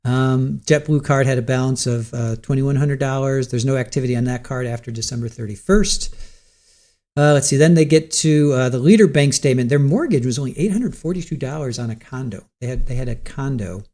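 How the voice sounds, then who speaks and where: A man's voice: mid-range voice, a little fast, dark tone. A man from Ohio hosting a casual livestream, chatting and reading out viewer comments. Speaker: livestream host. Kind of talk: casual live-stream chat.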